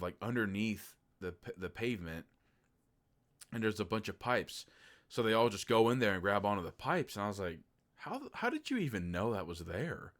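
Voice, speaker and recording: Sarcastic, low-voiced man from Oklahoma. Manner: animated and sarcastic, swears freely; acts out incredulous reactions in a raised voice. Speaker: movie reviewer. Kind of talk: casual spoken movie review.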